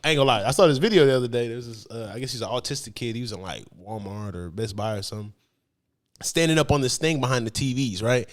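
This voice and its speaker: A man co-hosting a podcast in casual chat, animated and profane, swinging between loud outbursts and low mumbles. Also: quick pace. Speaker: podcast co-host.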